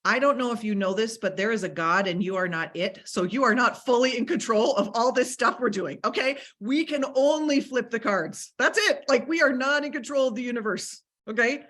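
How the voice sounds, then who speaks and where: Bright-voiced, emphatic motivational speaker woman. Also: on the high side, fairly quick, few pauses. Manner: emphatic, repeats key phrases. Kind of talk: motivational talk.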